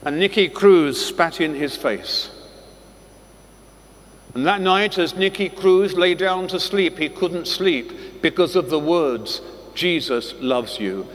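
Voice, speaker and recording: Slow high-voiced male preacher. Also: fairly bright tone. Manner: slow, deliberate storytelling with dramatic pauses. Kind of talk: sermon. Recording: long echoey hall reverb.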